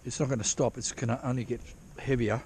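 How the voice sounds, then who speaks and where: A man's voice: medium pitch, fairly even intonation, fast, a little mellow, a little hiss or hum. A man vlogging outdoors while prospecting for gold in drizzle, rambling casually with lots of swearing and restarts. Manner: rambling, profane, self-interrupting. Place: outdoors at a dig site in drizzle.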